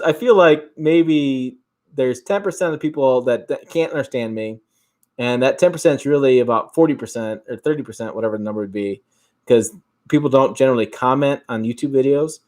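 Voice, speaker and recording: A man's voice: mid-range voice, darkish tone. A man from Michigan with an Upper Midwest accent hosting a casual livestream, reading out viewer comments in a rambling way with frequent restarts. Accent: Upper Midwest American. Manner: rambling, repeats and restarts words, chuckles often. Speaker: host.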